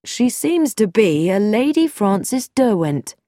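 A woman's voice: sing-song, takes it slowly, dark tone, no echo, clean studio sound. A woman doing a curt, stern young man. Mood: measured. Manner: curt, authoritative, lower voice. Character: stern young male doctor, curt and authoritative.

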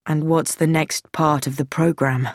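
A captured older man, wry and defiant, voiced by a woman in a dropped, lower register. He sounds indignant but steady, and the reading is dry and close. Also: measured pace, dry recording. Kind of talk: audiobook reading.

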